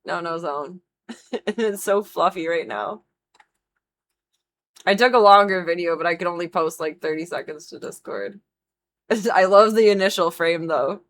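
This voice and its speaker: A woman's voice: lowish voice, normal speed, long pauses. A young woman streamer chatting casually while drawing, rambling and giggling with lots of fillers.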